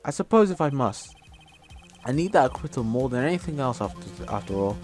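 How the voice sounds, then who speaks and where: A man voicing a calm, polite male assassin in a game, speaking in a measured, quiet, formal way. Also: medium pitch, soft background music, lightly acted. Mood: cold.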